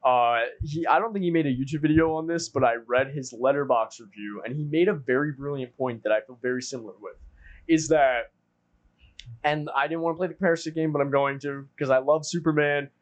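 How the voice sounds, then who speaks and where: A man co-hosting a casual film-review talk, working through his argument earnestly and at length. His voice is fairly high for a man, and he detours into asides before returning to his point. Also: fairly quick. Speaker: podcast co-host.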